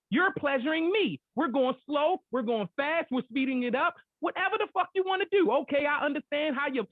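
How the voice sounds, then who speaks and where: A man's voice: very high voice, no echo. A man hosting a podcast, arguing in a heated casual debate, profane and talking over others. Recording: tinny phone-like sound, dry.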